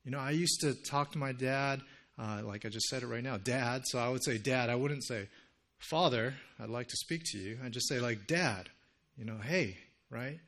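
A man preaching a sermon in an earnest, conversational way, dropping into hushed, intimate passages. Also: mid-range voice, moderate pace. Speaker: pastor.

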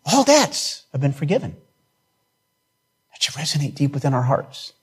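A man's voice: on the high side, very animated, normal speed, slightly rough. A man preaching a sermon in an earnest way, building emphasis through repeated phrases. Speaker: pastor.

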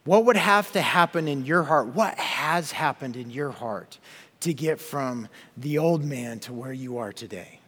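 A man's voice: mid-range voice, expressive, measured pace, a bit bright, in a large hall. A man preaching a sermon and reading scripture aloud, often repeating words and putting questions to his listeners. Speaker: pastor.

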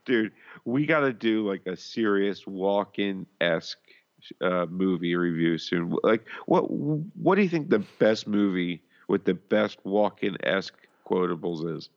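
Low voiced guy on a movie podcast, lots of uhs and restarts, kinda muffled lo-fi sound. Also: expressive. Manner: halting, filler-heavy, laughs along. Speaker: podcast co-host. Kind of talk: casual movie-review chat.

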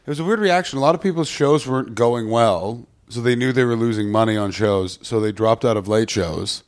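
A young man with a Canadian accent from the Ottawa Valley, a comedian chatting on a podcast with animated, swear-heavy storytelling. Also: mid-range voice, a little fast. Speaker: comedian guest. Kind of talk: casual podcast chat.

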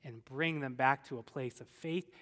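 A man preaching a sermon, retelling Bible stories in a lively, conversational way and briefly acting out the people in them. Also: mid-range voice, moderate pace, long reverb tail. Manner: animated storyteller, acts out voices of biblical figures. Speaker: pastor.

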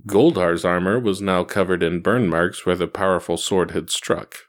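A man reading an action story aloud in a steady, even narration. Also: low voice, moderate pace. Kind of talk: reading fan fiction aloud.

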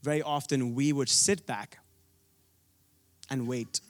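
A man's voice: mid-range voice, fairly even intonation, slow. A young man from India preaching a sermon, telling a personal story earnestly, with frequent restarts.

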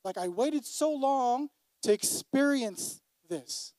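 A man's voice: very high-pitched, animated, slow, a little mellow, dry recording. A man preaching a sermon to a congregation, emphatic, repeating his key phrases. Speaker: pastor.

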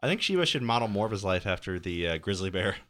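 A man's voice: fairly low pitch, sing-song, fast, fairly bright tone, no echo. A man co-hosting a podcast, chatting casually over a movie and tossing out absurd joking one-liners. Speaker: podcast co-host.

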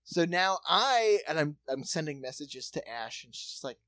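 A man casually telling a funny story, animated and profane, with a lively way of acting out what people said. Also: fairly high pitch, moderate pace, no echo. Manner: animated, swearing, acts out quoted voices.

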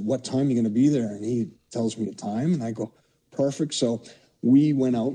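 A man's voice: medium pitch, warm tone, husky, poor audio. A man in his sixties from Canada, a podcast guest telling rambling anecdotes laced with "you know". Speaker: podcast guest, former hockey player. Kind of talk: casual storytelling.

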